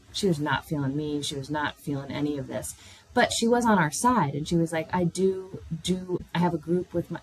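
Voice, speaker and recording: A woman hosting her own podcast, telling personal stories in a candid, animated way, swearing freely. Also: breathy edge, poor audio. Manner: animated, swears freely, jumps into high voices when quoting herself. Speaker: podcast host. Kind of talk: candid solo podcast storytelling.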